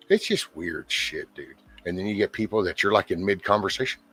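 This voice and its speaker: A man hosting his own channel, talking in a casual, profane, exasperated ramble and mimicking other people in quick asides. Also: on the low side, expressive, pushed and bright, husky, faint music behind. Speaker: YouTube channel host.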